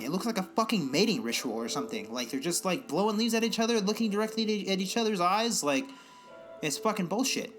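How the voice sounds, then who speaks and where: A young man chats on a home podcast in a fairly high voice, rambling and swearing freely as he rants. Faint music plays underneath. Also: animated, fast, a bit bright. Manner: rambling, profane, exasperated ranting. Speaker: podcast co-host. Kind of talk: casual podcast chat.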